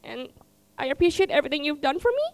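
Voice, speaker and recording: High-voiced teenage girl giving a heartfelt speech. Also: big pitch swings, dry recording. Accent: Vietnamese. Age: teens. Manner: heartfelt, halting, repeats herself. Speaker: student speaker. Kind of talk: emotional personal speech. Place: school event stage.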